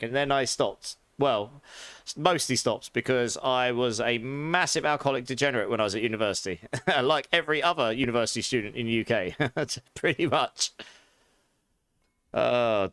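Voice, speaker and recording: A man's voice: mid-range voice, dry recording. A man from England with a London and Essex accent touched with posh, chatting casually and answering his chat during a live game stream. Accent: London and Essex English with a posh touch. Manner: chatty, relaxed, reads and answers chat, laughs often.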